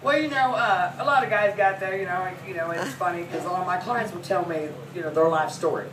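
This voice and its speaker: A woman's voice: fairly low pitch, fast. Brash, profane woman in her forties doing stand-up, heard from a distance over background noise. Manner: brash, profane, laughing through lines. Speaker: massage therapist. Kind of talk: stand-up comedy storytelling. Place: comedy club. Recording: echoey room, mic from a distance, noisy.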